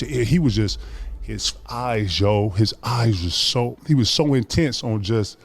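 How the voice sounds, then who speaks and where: A man, a former basketball player, telling stories in casual chat, animated and acting out the voices of others with profane slang. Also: mid-range voice, a little fast. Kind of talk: casual storytelling on a podcast.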